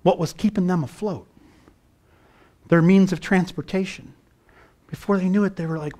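A man's voice: sits high, steady tone, moderate pace, pauses often, darkish tone. A middle-aged man preaching a sermon as pastor, building fervor and firing rhetorical questions at his congregation.

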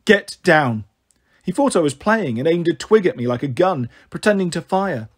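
A man reading a storybook aloud in a steady first-person narration. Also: on the high side, brisk, slightly rough. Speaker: storybook reader.

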